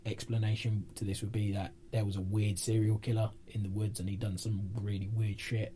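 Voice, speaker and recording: Mellow-voiced man telling a spooky case. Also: fairly low pitch, little pitch movement, a little fast, a little hiss or hum. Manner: rambling, laughs often. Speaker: podcast co-host. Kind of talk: casual chat, reading a case.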